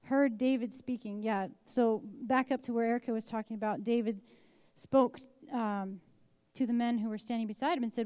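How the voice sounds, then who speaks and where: A woman's voice: on the high side, mellow, smooth, no echo. A woman teaching an informal Bible lesson in a conversational way, reading scripture aloud and dramatizing the quotes.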